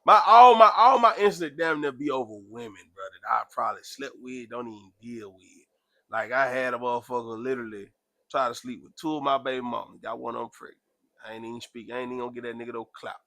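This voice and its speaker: A man chatting casually, telling a story with animated, loud acted-out quotes. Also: quick pace, dry recording, studio quality. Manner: animated, acts out quotes with sudden loud jumps in pitch. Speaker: podcast host.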